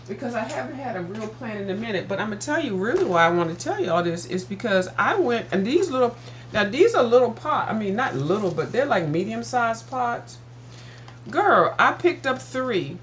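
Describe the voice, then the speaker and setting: A woman's voice: medium pitch, slight background noise. Chatty older woman telling a story. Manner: chatty, addresses viewers as "girl", animated when retelling. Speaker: vlogger. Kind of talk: casual storytelling chat.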